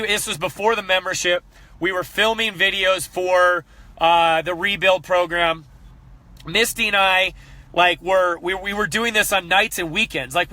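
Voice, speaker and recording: A fitness coach in his thirties gives a candid motivational talk, earnest and animated, repeating himself as he gets fired up. His voice is high, with no echo.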